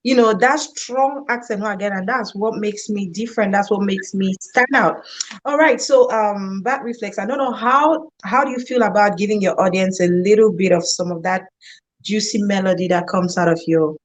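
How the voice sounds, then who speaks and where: A woman's voice: mid-range voice, normal speed. A woman hosting a casual interview, upbeat and effusive, often laughing. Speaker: talk show host.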